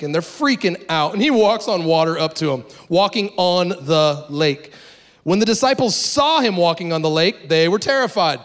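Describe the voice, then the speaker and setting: A middle-aged man preaching a sermon in an animated, conversational way, with dramatic pauses. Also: sits high. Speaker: pastor.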